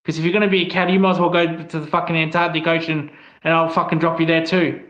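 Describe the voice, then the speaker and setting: A man's voice: fairly high pitch, level tone, fast talker, a bit bright. A man with an Australian accent giving a blunt, angry opinion monologue, swearing often as he talks. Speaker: online commentator. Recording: echoey, slightly dull room sound.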